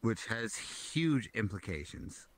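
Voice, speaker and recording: A man's voice: lowish voice, big pitch swings, slow, fairly bright tone, no echo. A man chatting casually in a social VR hangout, rambling and swearing often while he has a drink. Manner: rambling, swears often, talks about comics. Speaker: streamer hanging out in social VR. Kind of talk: casual chat.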